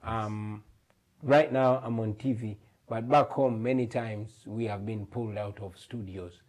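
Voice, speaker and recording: A man's voice: lowish voice, steady tone, a little slow, a little mellow. A man in his thirties from Uganda, an earnest, emphatic guest in a TV studio interview. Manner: earnest, emphatic, repeats words. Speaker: guest, musician.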